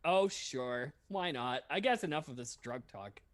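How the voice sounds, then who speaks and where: A man's voice: medium pitch, animated, unhurried, fairly bright tone. A man co-hosting a casual podcast over beers, telling rambling, self-deprecating stories. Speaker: podcast co-host.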